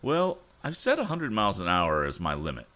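A man's voice: low voice, wildly swooping pitch, a little fast, sharp tone, pitched above the performer's own voice, full character voice. A man reading the part of a modest but determined young male inventor who speaks earnestly.

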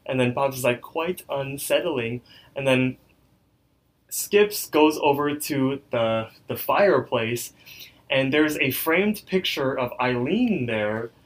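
A man's voice: mid-range voice, slow pace. A young man co-hosting a podcast, chatting casually as he recaps a cartoon episode, with lots of likes and ums. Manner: loose recapping with many fillers. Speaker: podcast co-host.

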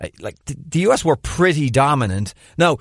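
A man co-hosting a podcast, chatting casually and breaking down plays in animated detail. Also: fairly high pitch, fairly quick, no echo, clean studio sound. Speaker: podcast co-host. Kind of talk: casual sports analysis chat.

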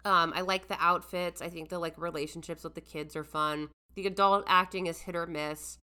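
Chatty woman podcast co-host, bright tone. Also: lowish voice, fairly even intonation, moderate pace, clear, resonant tone. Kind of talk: casual chat.

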